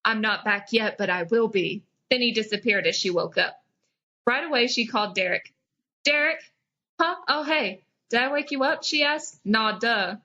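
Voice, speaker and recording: A woman's voice: fairly high pitch, moderate pace, pushed and bright, lo-fi sound. A young woman hosting a comedy podcast, dramatically reading old fan fiction aloud and breaking into giggles. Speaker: podcast host.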